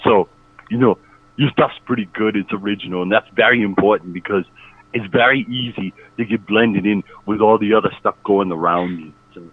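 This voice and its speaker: A man's voice: fairly low pitch, fairly quick, slight background noise. A man calling in to a radio show, hesitant, with lots of ums and you-knows. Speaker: caller. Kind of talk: casual call-in. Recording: tinny phone line.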